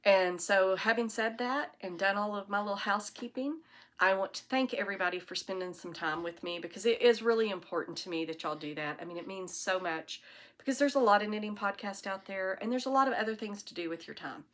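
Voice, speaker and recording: Her mid-range voice is fairly quick and fairly bright as she chats through her knitting podcast at home with no one else around. She rambles on to an iPad camera mounted on a tripod, in a self-deprecating, talkative way.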